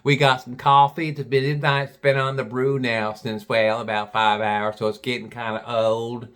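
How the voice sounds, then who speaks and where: A man's voice: medium pitch, level tone, moderate pace, a bit bright, smooth, natural voice. A man voicing a chatty teenage girl from the rural South who drawls in a Southern accent and rambles on.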